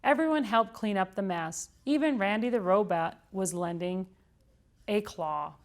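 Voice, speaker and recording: A woman reading a children's book aloud for storytime, lively and expressive. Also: mid-range voice, a little slow. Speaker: storytime reader.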